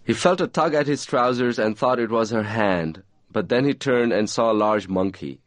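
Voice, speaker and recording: A man reading aloud from his own novel in a measured, even storytelling manner. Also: medium pitch, no echo.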